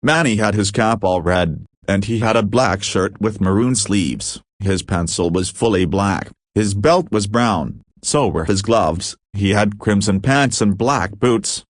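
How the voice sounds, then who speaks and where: A man's voice: fairly low pitch, a little slow, few pauses, no room sound, studio quality. A man reading a fan-made horror story aloud, with few changes of voice between the characters.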